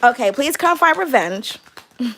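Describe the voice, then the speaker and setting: High-pitched british lady doing a tarot reading, swears a lot, laughs a lot. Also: lively intonation, heavy background noise. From United Kingdom. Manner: brash, profane, quick to laugh. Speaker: tarot card reader. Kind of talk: casual tarot reading vlog.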